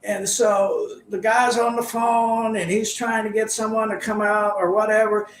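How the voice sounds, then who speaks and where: A man's voice: high-pitched, little pitch movement, measured pace, a little hiss or hum. Older man, former ballplayer, rambling anecdotes, echoey room. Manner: rambling anecdotes, chuckles often. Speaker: guest, former baseball player. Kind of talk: casual storytelling.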